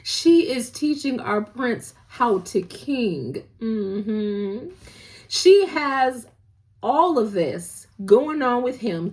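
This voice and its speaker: A woman hosting a casual drama recap, talking in a playful, gossipy, slangy way and acting out the characters' lines. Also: mid-range voice.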